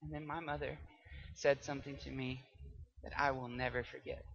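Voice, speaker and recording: A young man giving a memorized persuasive speech, swinging between hushed, quiet passages and loud, dramatic ones. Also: mid-range voice, fairly even intonation, normal speed, gravelly. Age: young adult. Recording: dull lo-fi recording.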